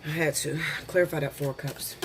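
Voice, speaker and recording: This tarot reader is a man whose voice sits on the high side and stays steady, with background noise behind him. His reading is casual and slangy, peppered with honey and girl, and he goes through the cards slowly first, then discusses them.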